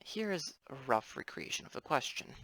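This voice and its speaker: A man's voice: a little high, sing-song, moderate pace, sharp tone. Young man rambling through a lesson. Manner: rambling, with offhand apologetic asides. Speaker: student presenter. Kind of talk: casual explainer lesson over drawings.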